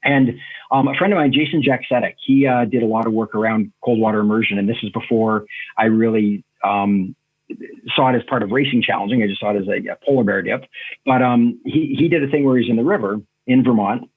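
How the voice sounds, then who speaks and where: A man speaks as a podcast guest, in an earnest and reflective way, working through ideas with examples and stories. His voice is husky and a little breathy. It comes through a narrow, tinny remote call line. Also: medium pitch, fairly even intonation, brisk. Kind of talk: reflective conversational storytelling.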